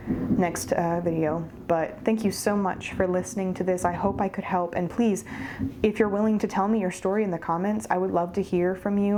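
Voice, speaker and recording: A woman's voice: fairly low pitch, noisy background. A woman giving a pick-a-card tarot reading, earnest and encouraging, speaking straight to the viewer. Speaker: tarot reader.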